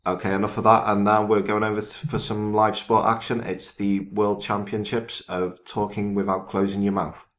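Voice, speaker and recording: A man's voice: on the low side, little pitch movement, normal speed, hardly any pauses. A man co-hosting a comedy podcast, delivering news in a mock-serious way. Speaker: podcast co-host. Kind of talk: casual comedy chat.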